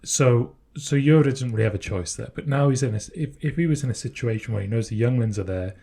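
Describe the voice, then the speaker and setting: A man's voice: medium pitch, fast, gravelly, mellow, breathy edge. A man co-hosting a podcast, chatting casually and speculating thoughtfully, often restarting his sentences. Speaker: podcast co-host. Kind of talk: casual chat.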